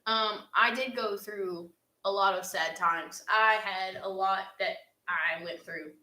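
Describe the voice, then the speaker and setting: A woman's voice: medium pitch, slow pace, bright, forceful tone. A young woman answers fan questions in an earnest, heartfelt casual chat, with laughs along the way. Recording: echoey room.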